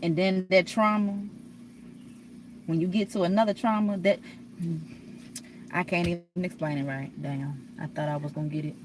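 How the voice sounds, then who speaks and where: Profane, preachy woman vlogger with a low voice. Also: fairly even intonation, normal speed, long pauses, noisy background. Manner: blunt, profane, preachy, rambling with restarts. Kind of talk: candid confessional monologue.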